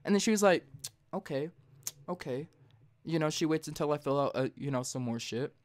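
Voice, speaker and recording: A young man hosting a casual late-night podcast, retelling a story in a profane, heated way. He jumps high and loud when he imitates himself. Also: a little fast. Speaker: podcast host.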